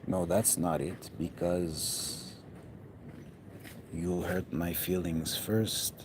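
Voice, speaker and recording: A man's voice: low voice, little pitch movement, very slow. A man from Canada delivering a hesitant, bitter, rambling monologue aimed at someone who is not there. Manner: hesitant, bitter, addressing an absent person. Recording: noisy ambient background.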